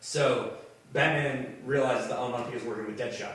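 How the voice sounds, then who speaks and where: A man's voice: mid-range voice, fairly even intonation, brisk, a bit bright. A young man chatting on a casual podcast, winding through a long story with lots of restarts and the odd swear word. His voice sits in a middle register and sounds distant from the mic, with a strong echo from the room around him. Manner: rambling storyteller, swears freely, many restarts. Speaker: podcast co-host. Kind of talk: casual chat.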